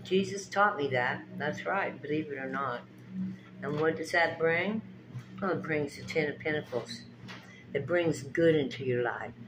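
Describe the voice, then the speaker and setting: A deep-voiced woman delivers a slow, drawn-out spiritual pep talk and tarot reading over steady background noise. Addressing her viewers directly, she's emphatic, preachy, and folksy, repeating her phrases.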